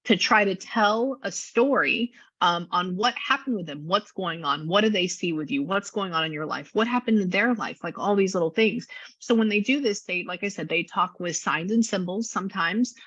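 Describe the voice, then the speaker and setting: A woman's voice: mid-range voice, normal speed, fairly bright tone, husky, no room sound, muffled recording. A woman working as a psychic medium, talking casually and gushingly through a reading, with many restarts. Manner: chatty, gushing, restarts often.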